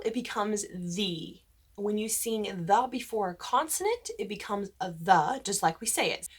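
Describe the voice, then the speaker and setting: A woman's slightly rough, mid-range voice guides church cantors through the rules of diction. The voice teacher explains things patiently and shifts into sung vowel demonstrations to model each vowel shape.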